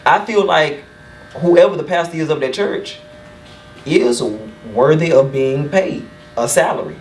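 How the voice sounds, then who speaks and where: A man's voice: on the high side, a little slow, a little hiss or hum. A young man, a barber hosting a podcast, earnestly laying out his personal views in casual chat and often asking "you know what I'm saying". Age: young adult. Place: shop room. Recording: roomy sound from a distant mic.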